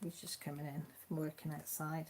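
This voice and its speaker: A woman's voice: low-pitched, level tone, a little fast, a little mellow, a little hiss or hum. A woman hosting a live chat stream, chatting casually and rambling with many restarts, sounding tired.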